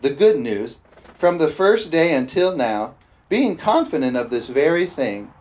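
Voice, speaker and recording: A man preaching a lively sermon, often calling out "amen?" and joking with the congregation. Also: fairly high pitch, a little slow. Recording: dull lo-fi sound with faint background noise.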